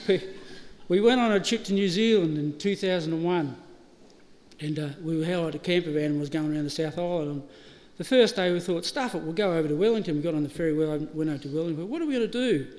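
With a darkish tone, a voice on the high side, and a fast delivery, a middle-aged Australian man gives a eulogy full of funny stories. He laughs and acts out the lines of dialogue. Faint ambient noise and reverb from the funeral service hall are audible.

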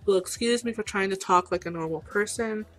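A woman's voice: medium pitch, fairly quick, soft background music, close to an everyday voice. A woman voicing a polite player character, reading in a plain, mild manner.

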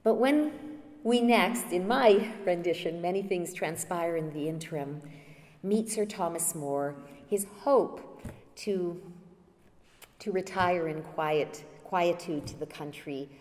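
Slow-spoken woman lecturing in a hall. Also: on the low side, darkish tone. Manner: storytelling, retelling a play scene with hesitant fillers. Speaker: guest lecturer. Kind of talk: public lecture.

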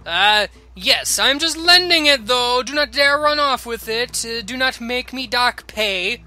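A man's voice: very high voice, animated, measured pace, bright, forceful tone, pitched above the performer's own voice, exaggerated voice. A man voicing a pompous, vain male nobleman in a game, speaking in a grand, theatrical way. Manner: grand, theatrical and self-important.

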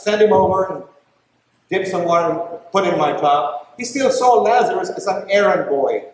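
Man preaching in an echoey church. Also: sits high. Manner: preaching, keeps asking if listeners follow. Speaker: bishop. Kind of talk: sermon. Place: large church.

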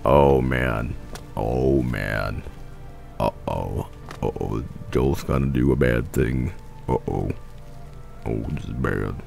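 A man putting on a slow, gloomy, foreboding low voice as if narrating his own misdeed. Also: gravelly, darkish tone, soft background music, full character voice.

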